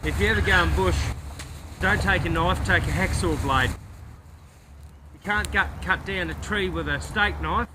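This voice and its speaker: Australian male vlogger, slightly high voice, folksy and rambling, recorded outdoors with faint traffic hiss. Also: normal speed, pauses often. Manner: folksy and rambling, with bush slang. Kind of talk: casual walking vlog. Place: outdoors in the bush by a road.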